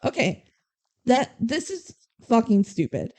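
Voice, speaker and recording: A young adult woman co-hosting a podcast, retelling a movie plot in animated casual chat with swearing and acted-out quotes. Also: a little high, measured pace. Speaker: podcast co-host.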